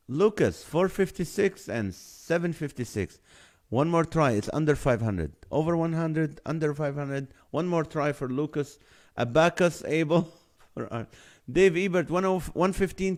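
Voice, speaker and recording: Live-stream host, man, unhurried delivery, chuckles while reading out chat comments. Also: medium pitch, a little mellow. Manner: reads names and guesses aloud, laughs often.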